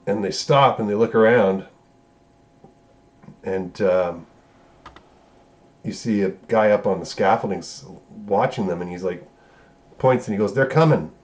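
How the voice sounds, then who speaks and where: A man's voice: fairly low pitch, unhurried, long pauses, darkish tone. A man reviewing a movie, casually recapping scenes in a loose, profane way and correcting himself as he goes. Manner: loose, profane, rambling retelling with self-corrections.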